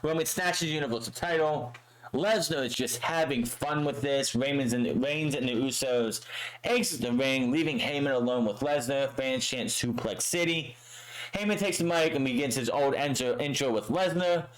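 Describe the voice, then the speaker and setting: A man's voice: mid-range voice, moderate pace, rough recording. A man recapping a wrestling show in a casual, profane way, acting out the lines he quotes.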